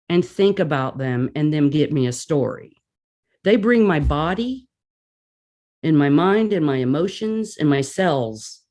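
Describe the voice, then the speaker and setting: Woman guest, casual storyteller, animated, plays out her reactions. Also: lowish voice.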